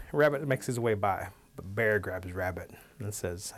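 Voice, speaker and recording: A male storyteller with a lowish voice recounts an old animal tale. His delivery is relaxed and animated, and he shifts his tone as the story moves along. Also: normal speed, hardly any pauses. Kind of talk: oral folk storytelling.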